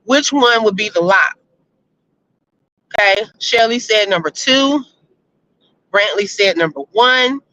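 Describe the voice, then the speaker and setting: A woman hosting a casual live-stream chat, reading viewer votes and telling stories, animated and laughing often. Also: medium pitch, slow, pauses often, dry recording. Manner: chatty, animated, laughs often, addresses listeners as y'all. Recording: slightly muffled lo-fi audio.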